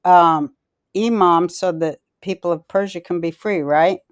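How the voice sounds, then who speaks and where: Woman host, smooth clear voice, dry close sound, rambling, profane, blunt storytelling. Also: lowish voice, unhurried, no echo. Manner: rambling, profane and blunt, loses her thread. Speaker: podcast host. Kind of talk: casual rambling storytelling chat.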